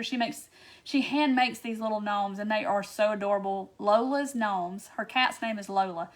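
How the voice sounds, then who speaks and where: A woman's voice: a little high, brisk. A chatty woman hosts a casual craft tutorial livestream and answers viewer comments as she goes.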